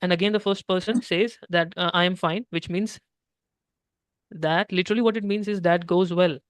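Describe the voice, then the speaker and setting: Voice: medium pitch, normal speed, clear, resonant tone, no echo, studio quality. A French teacher giving a one-on-one beginner lesson, explaining patiently step by step and checking in often.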